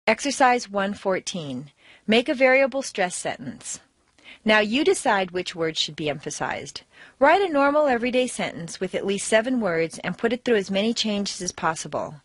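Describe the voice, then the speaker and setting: A woman with an American accent giving a recorded pronunciation lesson. She talks in clear, deliberate instructions and exaggerates word stress to demonstrate it. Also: mid-range voice, very animated, dry recording. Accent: General American. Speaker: accent trainer.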